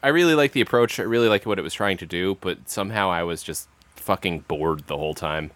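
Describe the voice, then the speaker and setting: Low voiced guy rambling about stuff, dry close sound. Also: quick pace, a bit bright, no echo. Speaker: podcast co-host. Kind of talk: casual chat.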